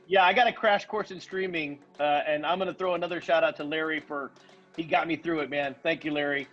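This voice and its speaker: A laid-back man chats warmly over a video call, his voice a little high. The audio is dull and muffled, and faint music plays underneath. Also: fairly even intonation, a little fast. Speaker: guest. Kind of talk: casual chat on a video call.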